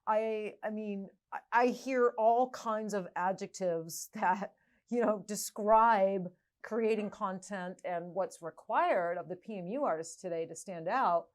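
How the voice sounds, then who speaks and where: Woman, middle-aged, podcast host, casual interview talk, stumbling restarts, medium pitch. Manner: halting, many restarts and repeated words.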